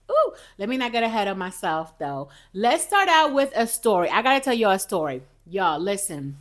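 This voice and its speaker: A woman hosting a casual motivational podcast. She is chatty and lively, talks straight to her viewers and sips coffee as she goes. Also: lowish voice. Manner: sips coffee while talking. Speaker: podcast host.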